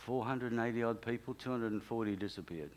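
A man's voice: medium pitch, quick pace, darkish tone. A man, preaching a sermon as a pastor and telling a story with emphatic, repeated key phrases.

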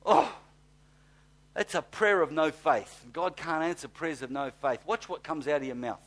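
A man preaching a sermon, swinging from hushed, slow reading to fired-up shouting, with blunt, folksy asides. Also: on the high side, lively intonation. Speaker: pastor.

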